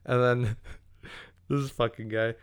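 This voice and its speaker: A man's voice: medium pitch, fairly even intonation, takes it slowly, clear, resonant tone. A young man casually telling a profane story on a podcast, acting out what everyone said.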